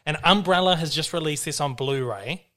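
A man's voice: on the high side, moderate pace, pushed and bright. A man hosting a casual film chat, talking in a rambling, loose way, often restarting his sentences and swearing freely. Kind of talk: casual chat about films.

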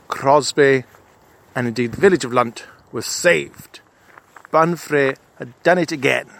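Slow, pompous storyteller, man. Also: mid-range voice. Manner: pompous and self-satisfied. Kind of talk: comic first-person adventure narration.

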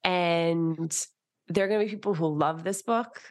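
A woman's voice: fairly low pitch, a little slow. A woman guest, an author and TV host, talking in casual conversation and animatedly acting out the things she and others said. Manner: animated, quotes herself in jumpy voices.

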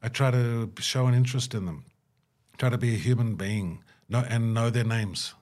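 A man with a darkish voice speaks at a moderate pace, giving a reflective interview as a guest about his humanitarian work. He talks earnestly, and when he acts out bits of quoted dialogue his pitch rises.

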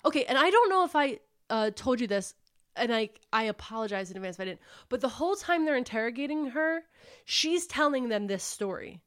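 A woman's voice: on the high side, a little fast, smooth. A woman hosting a book club podcast, casually retelling a novel's plot and acting out the characters' lines. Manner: animated storyteller acting out quotes, says "like" often.

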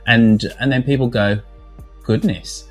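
A man's voice: fairly low pitch, normal speed, soft background music. Chatty middle-aged British man hosting. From England. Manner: lively, chatty, repeats words when excited. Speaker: podcast host. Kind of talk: casual panel chat.

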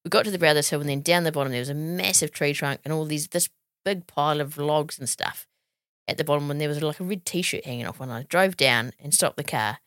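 A woman's voice: sits low, fast, a bit bright, no echo, studio quality. A woman co-hosting a podcast, chatting and telling a story in a blunt, laughing way. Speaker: podcast co-host. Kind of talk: casual chat, storytelling.

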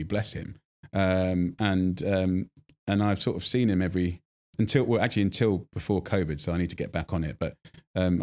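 A deep-voiced English man in his forties chats as an interview guest. He tells lively stories, stumbling through restarts and fillers. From England. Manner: animated storytelling, many fillers and restarts. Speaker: guest chef. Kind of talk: casual interview chat.

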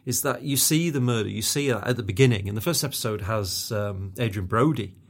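A man's voice: on the low side, a little fast. A man co-hosting a podcast, talking casually and enthusiastically about a TV show, often restarting his sentences. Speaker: podcast co-host. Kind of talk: casual chat.

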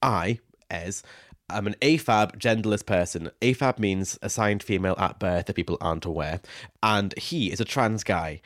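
A man's voice: lowish voice, moderate pace. A young man co-hosting a casual podcast, reading out listener questions and laughing often. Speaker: podcast co-host. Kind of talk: casual chat.

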